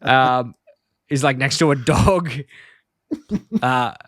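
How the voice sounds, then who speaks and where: A man in a casual podcast chat, loosely retelling episode plots and filling his pauses with ums and uhs. His voice sits at an ordinary middle pitch. The sound is dry and close, with no room echo. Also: a bit bright. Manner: rambling retelling of episode plots, many fillers. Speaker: podcast co-host.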